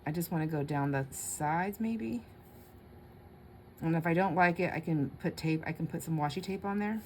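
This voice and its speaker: Low-voiced woman chatting while crafting. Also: moderate pace, slight background noise. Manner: chatty, laughs often, talks to herself while working. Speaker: craft channel host. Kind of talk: casual crafting chat to viewers.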